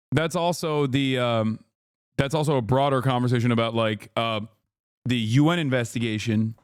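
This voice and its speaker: A male streamer with a slightly high voice, recorded dry and close. He speaks haltingly and keeps stopping to restart as he works through a point. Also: dry recording. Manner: halting, many fillers and restarts. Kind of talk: archived livestream talk.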